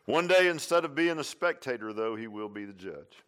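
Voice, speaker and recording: A man's voice: mid-range voice, lively intonation, normal speed, fairly bright tone. A man preaching a sermon, repeating lines for emphasis and tossing in "huh?" and "amen.". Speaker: pastor.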